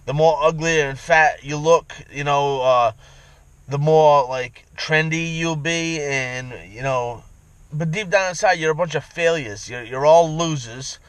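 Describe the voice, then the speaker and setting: A man's voice: a little high, measured pace, clear, resonant tone, dry recording, rough recording. A man ranting in a profane, rambling vlog monologue from inside his vehicle, repeating himself as he goes. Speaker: vlogger.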